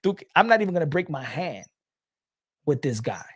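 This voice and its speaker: A man's voice: a little high, big pitch swings, moderate pace, slightly rough, dry recording, clean studio sound. A man giving a casual boxing opinion rant, blunt, profane and mocking. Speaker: boxing commentator.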